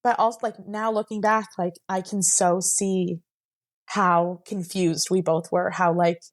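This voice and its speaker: A woman's voice: lowish voice, level tone, unhurried. Young woman telling a personal story. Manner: rambling, heavy use of "like", laughs while telling. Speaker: guest sharing her story.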